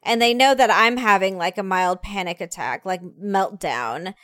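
A middle-aged woman telling a story in casual chat, animated and swearing while she acts out her own outbursts. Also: mid-range voice, normal speed, no room sound, clean studio sound.

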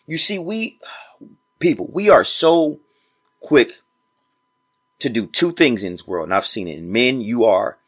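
A man delivers a motivational podcast monologue in casual, informal speech. He preaches directly to his listeners and repeats phrases for emphasis. His voice sits at an ordinary middle pitch. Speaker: podcast host.

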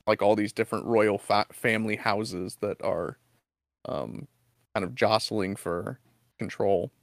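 A man's voice: lowish voice, a little slow, gravelly, no room sound, clean studio sound. A man as guest on a chat show, talking casually and hesitantly, often repeating words.

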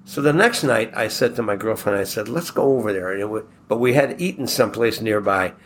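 A man from Buffalo telling a long personal anecdote in a relaxed, rambling way, acting out the quoted dialogue as he goes. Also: on the low side, a little fast, a little hiss or hum. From Buffalo, New York. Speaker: guest telling a personal story.

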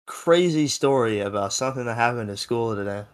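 A man's voice: mid-range voice, lively intonation, fairly quick, smooth. A seventeen-year-old young man telling a story in a casual podcast chat, rambling and full of fillers. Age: teens. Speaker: podcast co-host.

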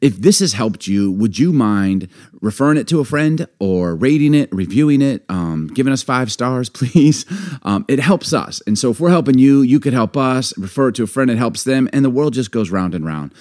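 A man, co-hosting a casual podcast chat, relaxed and rambling. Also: mid-range voice, normal speed. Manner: relaxed, rambling, laughs often. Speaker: podcast co-host.

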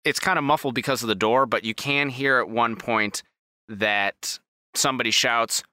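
Bright-voiced male game master. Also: mid-range voice, normal speed, clean tone, no room sound. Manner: descriptive, relaxed, with restarts. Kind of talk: narrating a tabletop game.

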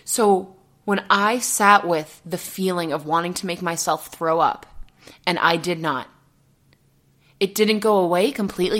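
A woman's voice: lowish voice, measured pace, a bit bright. A young woman hosting a solo podcast, talking earnestly and rambling, with frequent "okay?" check-ins and nervous giggles. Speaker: podcast host and coach. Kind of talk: casual solo podcast monologue.

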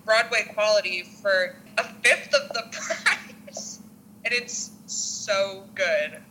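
Bright, enthusiastic woman student. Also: mid-range voice, animated, slow, a little hiss or hum, rough recording. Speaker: student traveler. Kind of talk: casual interview advice.

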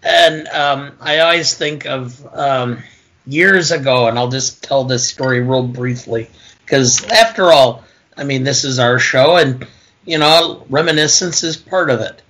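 A man's voice: mid-range voice, measured pace, a bit bright, poor audio. Older man telling folksy stories. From Wisconsin. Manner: folksy storyteller, says "you know" often. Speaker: podcast co-host. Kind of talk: casual film-discussion podcast.

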